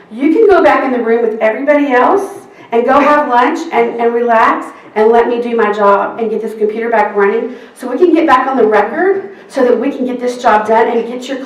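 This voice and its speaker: A woman tells a work story to a seminar crowd, her voice set a little high and slipping into the other people's lines as she goes. She sounds a way off from the mic, and the room adds a roomy echo. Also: far from the mic. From Texas. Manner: animated storyteller acting out quoted exchanges. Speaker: court reporter. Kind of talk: anecdote told to an audience.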